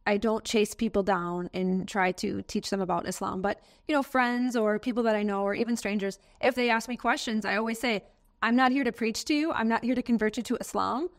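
American woman, interviewee, earnest and heartfelt, lively storyteller, mid pitch. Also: fairly quick. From United States. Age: adult, has a daughter. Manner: earnest, emotional, animated storytelling. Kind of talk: personal testimony interview.

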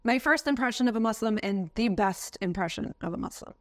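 A woman's voice: fairly high pitch, expressive, brisk. An American woman in an interview, telling a personal story in an earnest, emotional way. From United States. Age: adult, has a daughter.

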